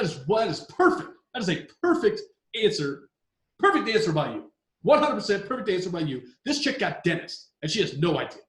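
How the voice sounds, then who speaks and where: A man co-hosting a podcast in casual chat, excitable and ranting, swearing often. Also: high-pitched, reverberant. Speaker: podcast co-host.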